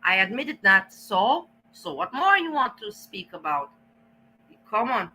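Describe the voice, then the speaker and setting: A woman's voice: on the high side, sing-song, sharp tone, slightly rough, rough recording. A woman vlogger ranting to her camera, blunt and defiant, cursing often and stalling as she hunts for words. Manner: halting, searches for words. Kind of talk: casual rant to camera.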